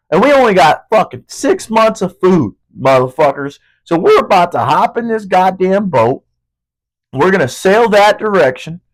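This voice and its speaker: A young man with a high, light voice riffs through a casual podcast monologue and swears constantly. His voice cracks now and then, and he stalls on fillers while he searches for the right word. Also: poor audio. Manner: profane, rambling, searching for words. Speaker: podcast host.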